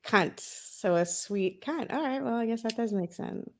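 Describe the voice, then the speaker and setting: A woman's voice: on the high side, lively intonation, unhurried. A woman from Louisiana chatting playfully on a live panel show, hopping from thought to thought. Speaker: panel guest. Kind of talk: casual live panel chat.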